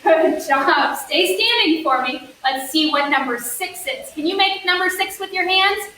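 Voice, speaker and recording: A woman's voice: extremely high pitch, animated, unhurried, pushed and bright. A woman leading a children's story yoga class, reading a counting story in a sing-song, encouraging voice with playful sound effects. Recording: echoey room, distant mic, faint hiss.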